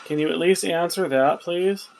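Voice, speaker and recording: A man's voice: on the high side, creaky, music in the background, poor audio. A man running a spirit box session, patiently asking the spirits questions again and again. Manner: questioning, patient, asks slowly and repeatedly. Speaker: paranormal investigator.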